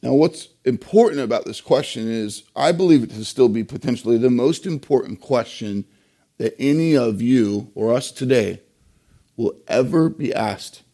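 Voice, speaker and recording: A male pastor delivering a sermon, emphatic, with rhetorical questions and pauses. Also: mid-range voice, expressive, mellow.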